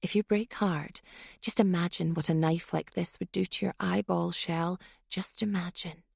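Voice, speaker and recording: A woman voicing a young female killer with a knife, quiet, taunting and cold in her menace. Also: lowish voice, measured pace, gravelly, no echo, studio quality.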